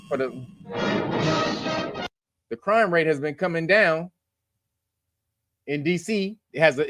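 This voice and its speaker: A man's voice: a little high, fairly bright tone, dry recording, clean studio sound. A man hosting a news commentary show, blunt and profane, lecturing his viewers. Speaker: host.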